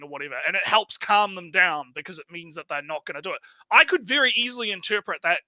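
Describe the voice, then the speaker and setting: Bright, tense man rambling in chat. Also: high voice, expressive, fast talker, no room sound, poor audio. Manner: rambling, tags lines with "right?"; repeats words when starting phrases. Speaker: stream co-host. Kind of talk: casual chat.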